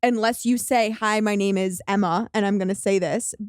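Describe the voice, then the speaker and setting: A woman's voice: mid-range voice, fairly even intonation, normal speed, clear, resonant tone, no room sound, studio quality. A woman co-hosting a podcast in casual, supportive chat. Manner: supportive, chatty. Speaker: podcast co-host.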